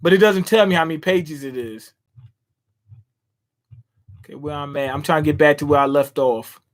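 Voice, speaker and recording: A man reading a comic aloud and commenting casually, with quick asides on the panels. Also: a little high. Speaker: manga reader and commentator. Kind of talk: casual read-through with commentary.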